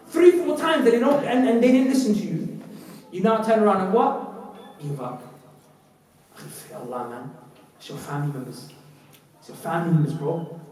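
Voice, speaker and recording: A young man preaching a sermon, animated, acting out quotes and rising to shouts. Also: fairly high pitch. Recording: echoey hall, far from the mic.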